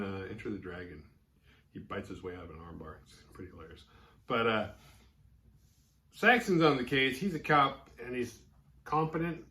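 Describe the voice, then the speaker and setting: Casting: male podcast host, lowish voice, loose casual movie recap, acts out the characters' lines. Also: a bit bright.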